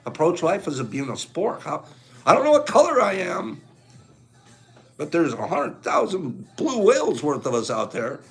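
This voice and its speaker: A high-voiced man with a lively, swooping delivery reads a book aloud, pausing to gush over it and address his listeners. He laughs easily and sounds close to tears, with faint music in the background. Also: vocal fry. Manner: gushing, gets carried away, near tears; laughs often, talks to listeners. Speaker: book reader. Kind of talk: reading aloud with emotional commentary.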